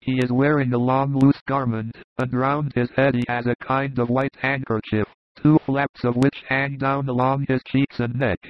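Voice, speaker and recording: A man giving measured, descriptive narration of a religious story as an audiobook reader. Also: mid-range voice, flat delivery, no echo. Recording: dull lo-fi recording.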